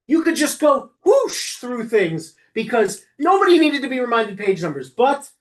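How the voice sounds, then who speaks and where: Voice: medium pitch, very animated, normal speed. Conversational rabbi teaching a class. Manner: conversational, with frequent self-corrections and asides. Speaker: rabbi teaching lay service leaders. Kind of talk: instructional class talk.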